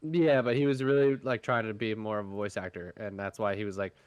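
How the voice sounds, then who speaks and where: Fast-talking rambling male co-host. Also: on the low side, fairly even intonation, clean tone, no echo. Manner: quick, rambling, filler-heavy. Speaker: podcast co-host. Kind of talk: casual chat.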